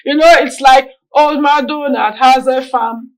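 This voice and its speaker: A middle-aged woman, a speech-language pathologist talking on a TV talk show, animated and often acting out examples with a laugh. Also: sits high, unhurried, low-quality recording.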